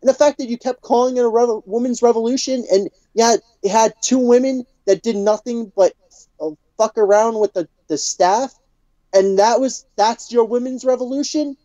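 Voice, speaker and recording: A woman's voice: a little high, normal speed, dark tone, no room sound. A woman co-hosting a podcast, delivering a furious, profanity-heavy rant full of stammered restarts. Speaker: podcast co-host. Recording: dull lo-fi podcast audio.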